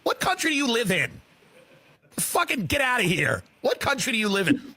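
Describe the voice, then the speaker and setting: A man ranting loudly in a comedic style, swearing and acting out mock voices. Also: very high-pitched, huge pitch swings, normal speed, slightly rough. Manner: loud swearing rant, acts out rich people in mock voices. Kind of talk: comedic rant.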